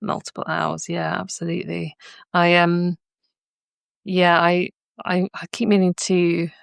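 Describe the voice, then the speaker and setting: Woman host, lower pitch, relaxed and chatty, dry close mic. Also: a little slow, creaky, no echo. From southern England. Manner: chatty, laughs often, many restarts. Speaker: art club host. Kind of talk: casual chat during a live sketch-along. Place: art studio.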